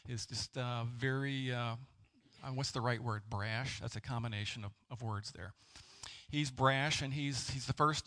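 A man preaching a sermon as a pastor, halting and searching for words with many fillers and restarts. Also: medium pitch, a bit bright. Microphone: presenting with slides.

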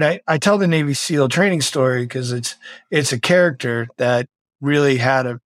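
A man's voice: mid-range voice, no room sound. A middle-aged man, a former Navy SEAL and author, telling stories energetically as a podcast guest. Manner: energetic, motivational, animated storytelling. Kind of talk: podcast interview storytelling.

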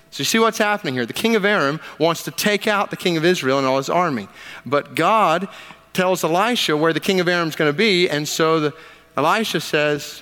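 Pastor preaching in a reverberant hall. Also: male voice, on the high side, fairly bright tone. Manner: conversational, emphatic, with joking asides. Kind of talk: sermon with scripture reading. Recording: long reverb of a large hall.

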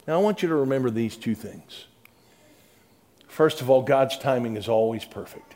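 This sermon comes from a male pastor of medium pitch who speaks a little slowly. His conversational preaching repeats words and moves back and forth between hushed, gentle stretches and loud, emphatic ones.

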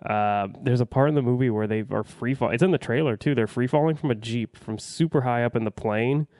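A man's voice: mid-range voice, brisk, darkish tone, no echo, clean studio sound. A man giving a casual, rambling movie review, blunt and profane, full of fillers and restarts.

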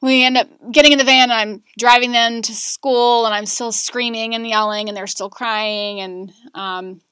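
A woman in her thirties, a podcast guest, telling a painful personal story candidly, with many fillers and pauses. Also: fairly high pitch, fairly even intonation, sharp tone, clean tone, no room sound, clean studio sound. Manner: candid, emotional, frequent fillers. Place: Charlotte area.

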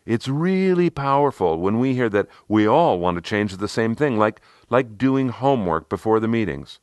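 A man voicing a playful, outspoken woman who speaks slowly and draws out her words. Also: on the low side, expressive, a little mellow, no room sound, clean studio sound, voice pushed up, lightly acted. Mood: earnest.

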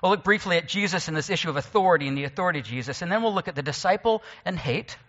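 A man's voice: fairly high pitch, lively intonation, rapid-fire, a bit bright, big-room sound, dull audio. A man preaching a sermon as a pastor, explaining scripture in a conversational way with occasional joking asides. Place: church sanctuary.

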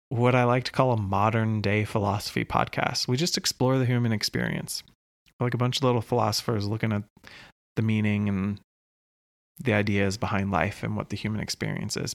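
A man hosting his own podcast, talking slowly and earnestly in a reflective solo monologue with long pauses. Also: on the low side, creaky, no room sound, clean studio sound. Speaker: podcast host.

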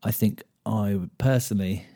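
A British man hosting a solo podcast, casually explaining guitar rhythm and thinking out loud, with frequent ums and beats counted aloud. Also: lowish voice, moderate pace. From United Kingdom. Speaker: podcast host and guitar teacher.

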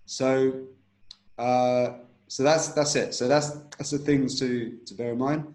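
A man's voice: mid-range voice, steady tone, slow pace, darkish tone. Instructive man in an echoey room. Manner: instructive, repeats himself, checks with "right?". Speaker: breathwork teacher, guest. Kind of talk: explaining a technique in an interview.

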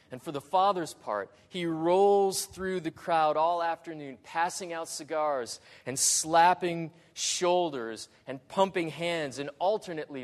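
Slow, deliberate male preacher in a reverberant hall. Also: on the high side. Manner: slow, deliberate preaching with dramatic swells and quiet drops. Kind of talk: sermon.

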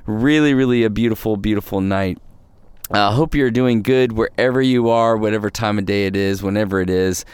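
A male pastor hosting a devotional podcast, talking gently and reflectively, often repeating phrases, recorded outdoors at night. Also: lowish voice, clear, resonant tone, dry recording. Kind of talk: casual devotional podcast talk.

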